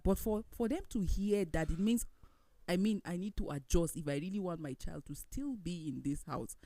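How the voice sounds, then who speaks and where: A woman's voice: mid-range voice, dry recording. A woman, co-hosting a casual panel talk show and telling stories with animation. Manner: animated storytelling with laughter. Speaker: co-host.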